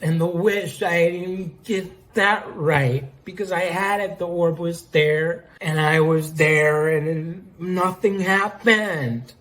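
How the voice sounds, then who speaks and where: A man's voice: fairly high pitch, very slow, gravelly, mellow, full character voice, poor audio. A man voicing a tipsy, sleepy female pirate captain who slurs and drags her words. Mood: drunk. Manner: slurred, drowsy drawl.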